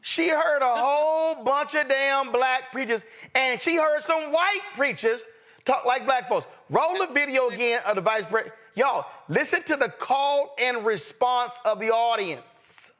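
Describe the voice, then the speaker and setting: A man's voice: very high-pitched, unhurried, fairly bright tone. A male host giving emphatic political commentary with a preacher-like cadence.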